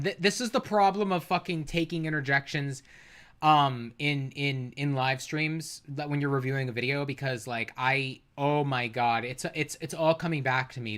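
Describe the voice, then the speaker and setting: A streamer reacting to a debate clip on a livestream, ranting with profanity, exasperation and loud sarcastic outbursts. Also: mid-range voice, moderate pace.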